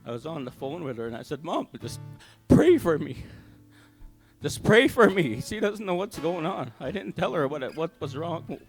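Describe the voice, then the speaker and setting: An older man gives his personal testimony at a church service, telling it in a halting, heartfelt way with many fillers and restarts. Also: fairly high pitch, animated, soft background music. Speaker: church member giving testimony. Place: community hall church service.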